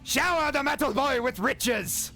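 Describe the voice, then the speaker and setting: A man voicing a vain, pompous male kobold lord who booms out proclamations. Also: unhurried, pushed and bright, faint music behind, heavily acted. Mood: grand. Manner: booming proclamations.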